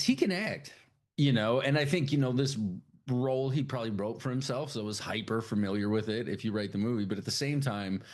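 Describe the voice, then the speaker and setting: A man with a fairly low voice co-hosts a podcast in loose, rambling chat. He swears freely and laughs often as he talks. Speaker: podcast co-host. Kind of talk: casual chat.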